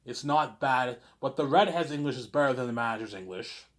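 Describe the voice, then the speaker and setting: A man's voice: medium pitch, brisk. A man from Quebec rambling through a casual livestream monologue, stumbling over restarts and tacking on the same filler word again and again. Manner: repetitive, stammering restarts, keeps saying "obviously". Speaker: livestream host reading viewer questions.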